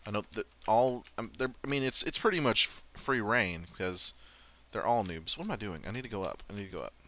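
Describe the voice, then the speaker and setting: Young guy narrating his game run, lowish bright voice, rambly and sweary, laughs at himself. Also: animated, brisk. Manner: chatty, self-mocking, swears and laughs often. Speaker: let's play host. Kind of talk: casual gameplay commentary.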